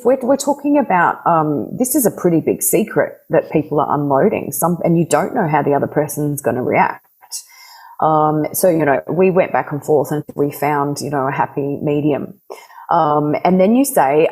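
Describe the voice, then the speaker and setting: Woman coach on a podcast, low husky voice, lively, laughs a lot and acts out little dialogues. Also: moderate pace, rough recording. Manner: animated, laughs often, acts out quoted dialogue. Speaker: relationship coach. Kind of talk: podcast conversation.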